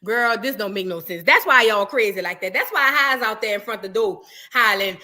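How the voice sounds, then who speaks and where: A high, bright woman with a New York accent, hosting a reaction show. She chats loosely, reads articles aloud and breaks off into animated asides. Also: fairly quick, few pauses. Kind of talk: casual reaction chat.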